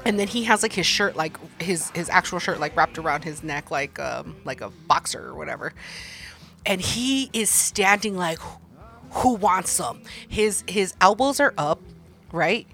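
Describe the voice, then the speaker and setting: Woman, podcast co-host: loose, swearing storyteller, quick to laugh, faint music underneath. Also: fairly low pitch, vocal fry. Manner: profane, animated, laughs often. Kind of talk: casual storytelling chat.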